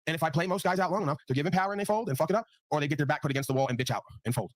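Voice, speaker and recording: A man's voice: fairly high pitch, rapid-fire, no echo. A man hosting a live online panel, talking in a blunt, profane way and often tagging his points with "right?". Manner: blunt, profane, repeats tag questions. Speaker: livestream panel host. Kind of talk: casual ranting talk.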